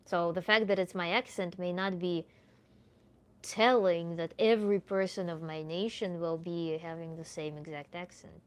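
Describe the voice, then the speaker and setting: A woman with a Russian accent, a native Russian speaker, answering viewers live as a tantra coach in a relaxed, chatty way that is full of little laughs. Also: fairly low pitch, moderate pace, smooth. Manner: relaxed, chatty, laughs often, many "like" fillers. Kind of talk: livestream Q&A chat.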